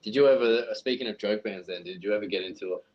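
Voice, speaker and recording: A man's voice: lowish voice, fast talker. A man co-hosting a casual livestream chat, joking and swearing freely. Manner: joking, swears freely, slips into silly put-on accents. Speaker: livestream co-host. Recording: dull lo-fi stream audio.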